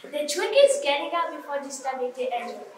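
A woman's voice: sits high, a little fast, background noise, lightly acted. A young woman playing a wistful girl telling memories. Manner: nostalgic, storytelling. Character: wistful girl remembering snow angels. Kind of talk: stage monologue. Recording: echoey hall from far off.

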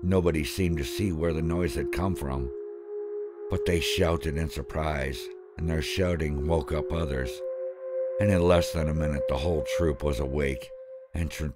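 A man narrating a first-person horror story, halting and breaking off mid-sentence. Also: a bass voice, fairly even intonation. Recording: background music under voice.

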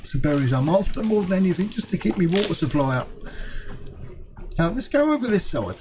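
Man, gameplay commentary, rather high voice, chatty and muttering, noisy background. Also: very animated, a little fast. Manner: chatty, muttering to himself, swears lightly. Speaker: gaming video host.

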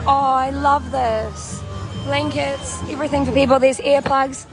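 A woman's voice: sits high, flat delivery, a little slow. A young woman with a New Zealand accent chatting and laughing as she walks through an outdoor camp, filming on a handheld phone. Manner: bubbly, chatty, laughs often. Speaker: vlogger. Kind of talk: walking livestream vlog. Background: music playing nearby.

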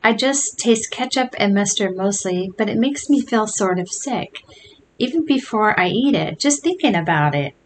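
A woman's voice: medium pitch, animated, moderate pace, slight background noise, close to an everyday voice. A woman voicing Billy, a weary, queasy young boy, in a storybook read-aloud. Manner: weary, sighing.

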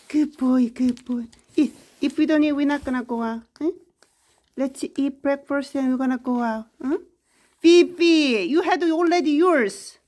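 Woman w/ baby-talking her dogs, way high pitched, drawn out and slow. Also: dark tone. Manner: gushing, sing-song cooing at dogs. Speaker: pet owner vlogger. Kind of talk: baby-talk to pets.

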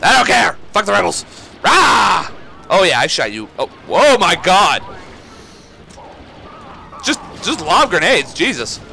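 A man giving let's play commentary on a shooter game, excitable, swearing and yelling at enemies. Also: high voice, slow pace, gravelly, long pauses, slight background noise. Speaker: gaming YouTuber.

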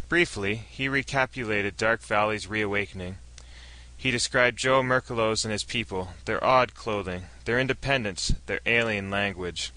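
A man narrating a science fiction story in a steady storytelling read. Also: on the low side, moderate pace, poor audio.

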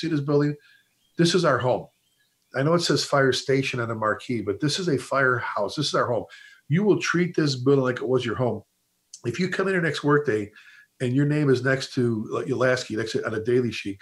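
A middle-aged man, a fire service instructor, telling stories in a casual chat, quick and animated, often restarting his sentences and quoting old bosses. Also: mid-range voice.

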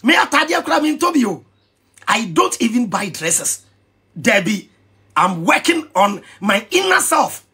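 A Ghanaian man ranting in an animated vlog commentary, excitable and mixing pidgin with Twi. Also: sits high, a little slow, slightly rough. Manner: excitable, switching between pidgin and Twi, shouting and laughing. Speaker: vlogger.

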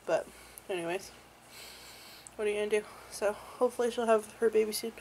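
A woman's voice: medium pitch, a little fast, vocal fry, darkish tone, a little hiss or hum, poor audio. A young woman vlogging casually at home with her partner, chatty and prone to giggling. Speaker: family vlogger. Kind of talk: casual chat.

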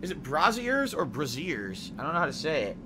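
A man live-streaming a video game, swearing, shouting at jump scares and thanking viewers for donations. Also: a little high, wildly swooping pitch, noisy background. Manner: profane, quick to yell at scares and thank donors. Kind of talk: live gameplay commentary. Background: game music.

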